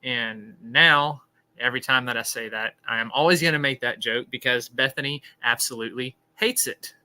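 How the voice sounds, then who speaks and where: A man's voice: mid-range voice, normal speed, bright, forceful tone, low-quality recording. A man hosting a live stream, chatting casually and laughing at his own corny jokes. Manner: joking, rambling, laughs at own puns. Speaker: podcast host.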